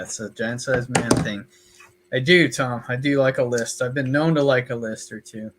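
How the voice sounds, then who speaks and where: A man's voice: medium pitch, a bit bright. A man, co-hosting a podcast in casual chat, with a laid-back, dry joking manner. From Texas. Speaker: podcast co-host.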